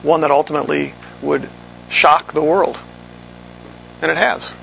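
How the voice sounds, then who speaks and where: Gravelly-voiced man preaching a sermon. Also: on the high side, fairly even intonation, pushed and bright, dull audio, a little hiss or hum. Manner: measured teaching, walking through verses, self-correcting. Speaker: pastor. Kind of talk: expository sermon.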